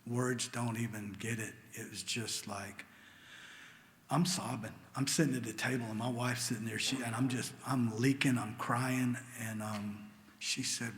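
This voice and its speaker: A man's voice: medium pitch, level tone, moderate pace, a bit bright. A man telling an emotional recovery story to a meeting in a church hall, sometimes dropping to a near whisper. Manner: earnest and emotional, drops to a near whisper at tender moments. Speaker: AA meeting speaker. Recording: long hall reverb with faint ambient noise.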